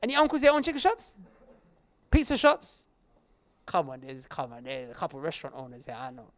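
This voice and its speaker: A man preaching with an animated delivery, his pitch swinging up and down as he talks straight to the crowd. He mixes jokes into the sermon. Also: a little fast. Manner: animated, joking and addressing the crowd directly. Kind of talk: lively sermon to a live audience. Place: Islamic centre hall.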